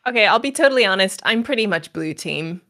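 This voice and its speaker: A woman with a bright, sharp voice answers as a podcast guest. She tells her story candidly and pokes fun at herself. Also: mid-range voice, lively intonation, fast. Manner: candid, self-deprecating storytelling. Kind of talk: casual chat.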